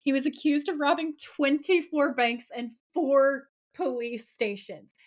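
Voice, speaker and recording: A woman co-hosting a podcast, recapping a TV episode in casual, animated chat full of laughs and "like" fillers. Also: high-pitched, a little slow. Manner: animated, giggly, frequent "like" fillers. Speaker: podcast co-host.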